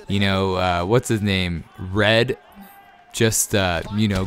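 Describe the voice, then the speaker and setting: Chatty gaming creator, man in his thirties, lowish voice, rambling and excitable, light background hiss. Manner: chatty, rambling, easily excited, frequent fillers. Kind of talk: casual Q&A over gameplay.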